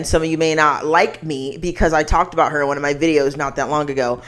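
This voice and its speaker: A woman's voice: on the low side, fairly bright tone. A young woman giving a blunt, emphatic, slangy commentary rant to the camera. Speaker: commentary vlogger.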